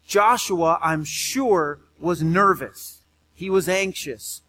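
A male pastor with a notably high-pitched voice delivers a sermon to his congregation. He talks in a chatty, informal way and doubles up words as he goes. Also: slow. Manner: conversational, repeats words when excited.

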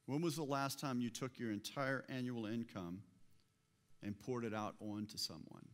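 A man's voice: medium pitch, moderate pace. A man preaching a sermon in a conversational way, often asking the listeners rhetorical questions. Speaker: pastor.

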